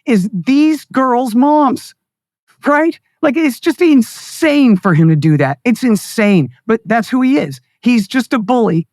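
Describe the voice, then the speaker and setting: A man's voice: very high voice, darkish tone, no echo, clean studio sound. A man speaking as a guest in a political interview, ranting with sarcasm and scorn. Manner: mocks others in put-on voices. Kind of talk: heated political interview talk.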